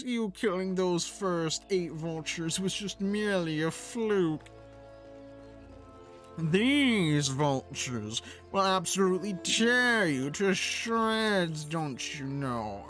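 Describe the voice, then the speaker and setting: A streamer voicing a pompous, condescending male archery guildmaster from a video game, reading his lines in a haughty, drawn-out way. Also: medium pitch, animated, a bit bright, faint music behind. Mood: mocking. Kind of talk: reading game dialogue aloud.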